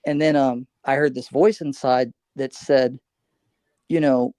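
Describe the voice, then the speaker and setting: A man's voice: medium pitch, fairly even intonation, a little slow, mellow, no echo. A man on a livestream panel, talking in a rambling, storytelling way full of restarts. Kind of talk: casual panel chat.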